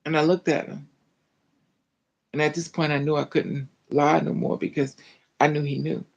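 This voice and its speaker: A woman recounting a personal story in an animated, dramatic way, full of colloquial slang. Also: low-pitched, normal speed, creaky, highs cut off. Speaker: storyteller vlogger.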